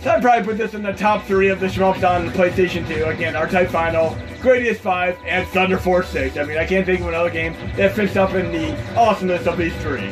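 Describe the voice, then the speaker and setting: A man's voice: sits high, fairly quick, hardly any pauses. A man hosting a retro gaming video, chatting casually and enthusiastically over gameplay, rambling with frequent fillers. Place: home computer setup. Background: loud game music.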